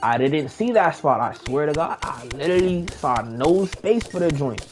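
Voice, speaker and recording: A young man casually telling a long personal story while playing a game, slangy and animated, acting out the people he quotes. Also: on the high side, normal speed, music in the background. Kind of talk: casual storytime over gameplay.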